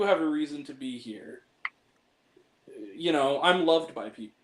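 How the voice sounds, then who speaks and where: A man's voice: fairly high pitch, normal speed, fairly bright tone, slight background noise, low-quality recording. A young man hosting a casual film talk, speaking earnestly and from the heart about a movie that moved him. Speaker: podcast host ranking films.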